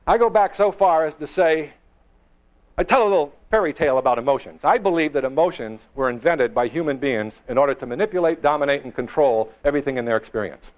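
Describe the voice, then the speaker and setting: A man giving a motivational seminar to a live audience, emphatic and full of rhetorical questions, slowing and quickening for effect. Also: on the high side, expressive. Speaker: motivational speaker. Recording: dull lo-fi recording.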